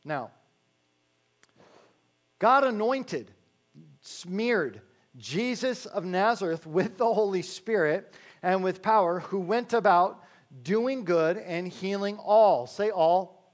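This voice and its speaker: A man preaching a sermon in a conversational way, slowing down to stress key phrases and adding joking asides to the congregation. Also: sits high, expressive. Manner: slows to stress key phrases, then rattles along quickly. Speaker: pastor.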